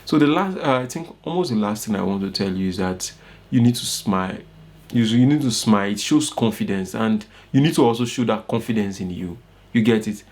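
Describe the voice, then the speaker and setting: A man's voice: on the low side, expressive, a little fast, darkish tone. Nigerian man coaching in a lesson. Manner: repeats "you get it?" often, coaching tone. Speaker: course instructor. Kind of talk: informal online lesson.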